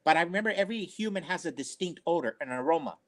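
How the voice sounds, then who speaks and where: Older man, earnest, rambling, casual storytelling, voice pitched a little high. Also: animated, fast talker, a bit bright. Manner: earnest, rambling, repeats himself. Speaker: storyteller on a family talk show.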